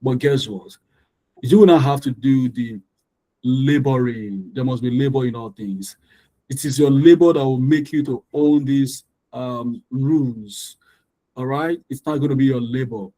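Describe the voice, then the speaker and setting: A man's voice: medium pitch, a little slow, warm tone, low-quality recording. A man teaching an English pronunciation lesson, drilling word stress and mixing in life advice, repeating words over and over. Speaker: English tutor.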